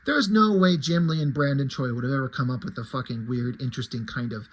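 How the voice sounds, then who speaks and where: A man's voice: medium pitch, fast, poor audio. A man reviewing a comic book in a loose, casual chat, swearing now and then and paraphrasing the dialogue in a plain reading voice.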